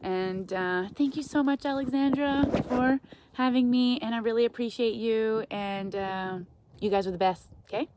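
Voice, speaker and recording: A woman's voice: fairly high pitch, moderate pace, background noise. Chatty woman giving a pep talk. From Canada. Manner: chatty, animated, reads viewer comments aloud. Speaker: guest speaker. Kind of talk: live-stream motivational chat.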